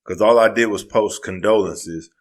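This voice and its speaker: A man co-hosting a casual podcast, talking heatedly and profanely and breaking into loud outbursts. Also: lowish voice, normal speed. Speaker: podcast co-host.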